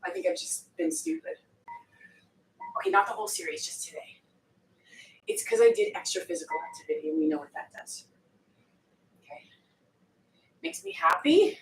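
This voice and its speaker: A woman leading a live workout speaks in a high-pitched voice whose pitch swoops wildly, at normal speed with frequent pauses. She breathes hard, joking and swearing, in an echoey room picked up by a distant mic with faint noise.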